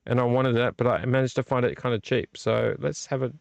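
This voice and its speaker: A man's voice: medium pitch, steady tone, a little fast, gravelly, no echo, lo-fi sound. A man hosting a late-night live video stream, rambling and teasing a viewer by name while a little tipsy from drinking. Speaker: vlog host.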